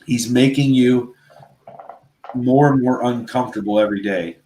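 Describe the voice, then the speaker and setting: A man's voice: mid-range voice, normal speed, dark tone, slight background noise. A man co-hosting a casual faith talk show, speaking earnestly and rambling, with a constant "right?" and "you know". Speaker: podcast co-host.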